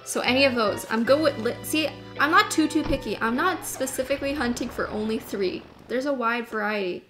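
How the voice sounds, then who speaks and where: A young woman streaming a video game, chatting to her viewers in a casual, gushing, easily excited way. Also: a little high, a little fast. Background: game music.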